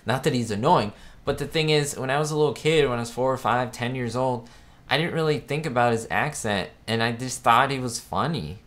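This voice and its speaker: Over a webcam setup, a live chat show host talks fairly quickly in a mid-range, fairly bright voice. He's a man chatting casually and rambling, frequently pausing to correct himself.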